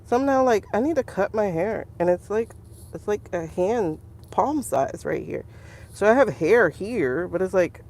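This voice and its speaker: A medium-pitched adult woman talks at a normal pace while hosting a casual tarot livestream. Animated and chatty, she addresses her chat directly and laughs frequently.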